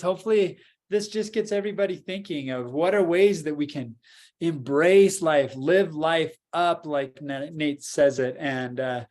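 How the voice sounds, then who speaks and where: A man co-hosting a podcast, guiding a meditation and then chatting calmly and reflectively. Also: a little high. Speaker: podcast co-host. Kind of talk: guided meditation and casual talk.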